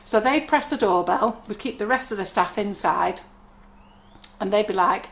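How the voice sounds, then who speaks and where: This gravelly, mid-range voice moves at a normal speed and belongs to a middle-aged woman who runs a baking shop. On a live stream from the shop kitchen, she demonstrates her products with chatty, wandering storytelling.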